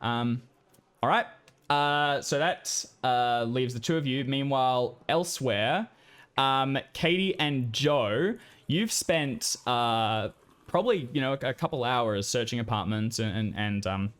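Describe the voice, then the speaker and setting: A man's voice: medium pitch, unhurried, a bit bright, clean tone. A man narrating a tabletop role-playing game as game master, in a loose, rambling way with many fillers.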